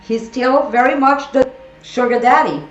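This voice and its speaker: With a high-sitting voice and a slightly slow delivery, this woman from France, in her forties and with a French accent, playfully teases stream viewers by name while chatting casually with live chat. Her room echoes, the audio is dull, and soft music plays underneath.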